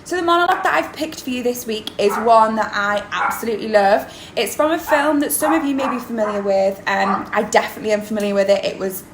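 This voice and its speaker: Chatty drama teacher, echoey room. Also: female voice, fairly high pitch, expressive, quick pace, few pauses. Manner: chatty, explaining with many ums. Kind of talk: video lesson. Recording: roomy echo, faint background noise.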